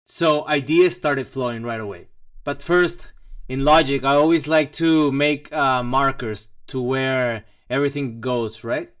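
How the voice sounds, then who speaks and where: A man's voice: medium pitch, unhurried, a bit bright, clear, resonant tone. A man hosting a casual walkthrough vlog about his own music, rambling and joking with many fillers and mock asides. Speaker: composer and channel host.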